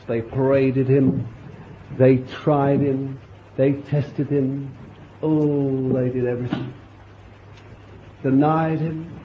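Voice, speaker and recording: A man preaching a sermon, telling the story vividly and swinging between loud appeals and hushed asides. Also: fairly high pitch, slight background noise. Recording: echoey dull room recording.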